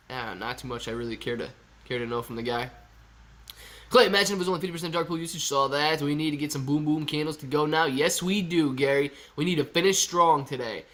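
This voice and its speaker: Guy with a stuffy nose doing a chill live stream, kinda high voice, reading chat and joking around. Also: a bit bright. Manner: reads chat comments aloud, joking and chatty. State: stuffy, congested. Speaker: livestream host.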